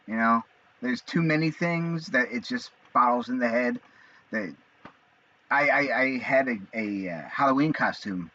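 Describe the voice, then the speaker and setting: Guy in his 40s chatting alone, lots of ums and restarts, bright tense voice. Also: medium pitch. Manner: rambling, halting with many fillers and restarts. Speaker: vlogger. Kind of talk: casual monologue. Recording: dull lo-fi sound.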